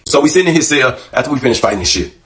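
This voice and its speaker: Male vlog host with a mid-range voice who talks fast and tells a candid, profane storytime, voicing the people in it. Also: mid-range voice, lively intonation, a bit bright. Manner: profane, candid storytelling that acts out quoted dialogue.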